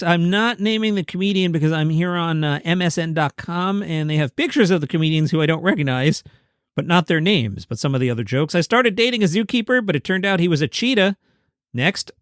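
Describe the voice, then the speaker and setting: A man hosts a comedy news podcast with a wry, sarcastic edge, reading jokes aloud in a casual way. His voice sits a little high and sounds dry and close to the mic, as in a small home studio. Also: dry recording.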